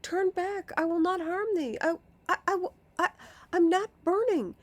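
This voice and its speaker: A woman's voice: fairly even intonation, normal speed, dry recording. Woman doing a feverish, pleading little baron. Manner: high, pleading, stumbling calls.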